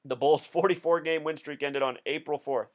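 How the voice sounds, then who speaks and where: A man's voice: on the high side, fairly even intonation, normal speed. A man hosting a video, talking through a casual commentary in an insistent, explanatory way. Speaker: video host.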